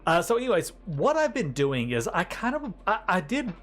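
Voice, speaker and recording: A man's voice: sits high, huge pitch swings, normal speed, faint music behind. Chatty American man live-streaming. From United States. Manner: chatty, rambling, greets viewers, laughs often. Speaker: livestreamer. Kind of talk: casual live-stream chat.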